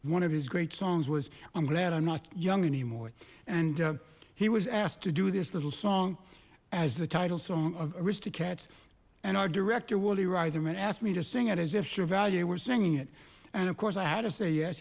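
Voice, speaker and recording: An older songwriter in a recording studio, telling chatty stories between songs at a solo concert. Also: male voice, high-pitched, brisk, vocal fry, darkish tone. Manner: chatty storyteller who breaks into song. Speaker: songwriter performing his songs.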